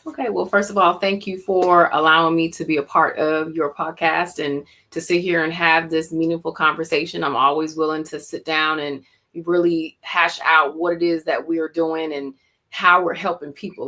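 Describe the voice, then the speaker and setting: Bright-voiced Jamaican-accented woman. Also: low voice. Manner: reflective storytelling with many restarts. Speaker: teacher and guest. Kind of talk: podcast interview.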